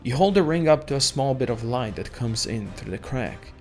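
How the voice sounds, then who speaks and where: A man reading an AI text adventure aloud in steady second-person narration, as the game's player. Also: mid-range voice, normal speed, soft background music.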